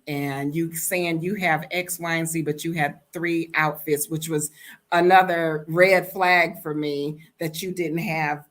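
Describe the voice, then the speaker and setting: An American woman telling a story in a casual storytime vlog, blunt and animated, acting out the quoted dialogue. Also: lowish voice.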